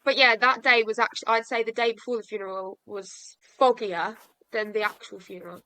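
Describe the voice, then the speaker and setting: A woman's voice: on the high side, fairly even intonation, brisk, sharp tone, rough recording. A young woman telling a personal story to a podcast host, frank and self-mocking, laughing through sad memories. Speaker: podcast guest.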